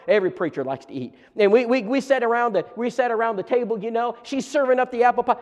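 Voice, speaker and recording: A man preacher telling lively stories at a church seminar, stumbling over restarts as he talks. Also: high voice, fast, few pauses. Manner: animated storytelling with many restarts. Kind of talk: storytelling seminar talk. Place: church auditorium. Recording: long church hall reverb.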